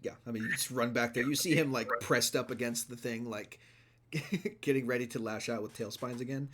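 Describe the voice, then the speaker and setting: A man running a tabletop game as game master, relaxed and joking as he narrates and rules. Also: medium pitch, normal speed, background noise.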